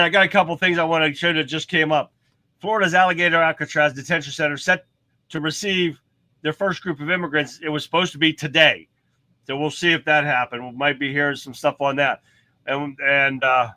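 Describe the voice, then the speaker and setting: Livestream host guy, chatty and rambling, bright voice, dry close sound. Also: a little high, dry recording. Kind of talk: casual livestream commentary.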